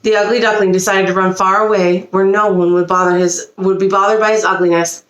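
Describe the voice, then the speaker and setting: Expressive woman reading a storybook aloud. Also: mid-range voice, a little fast, roomy sound. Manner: expressive, animated reading with small slips. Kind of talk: reading a picture book aloud. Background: a child nearby.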